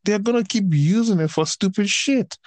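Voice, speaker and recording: A man's voice: sits high, normal speed, darkish tone, no echo. Exasperated man ranting, dry close sound. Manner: heated, profane, exasperated ranting; swings between raised outbursts and tired grumbling. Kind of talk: casual ranting chat.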